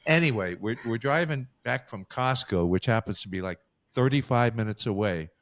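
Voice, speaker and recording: A man's voice: medium pitch, expressive, moderate pace, fairly bright tone. A man from Southern California telling stories as a podcast co-host, chatty and laughing often. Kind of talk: casual chat.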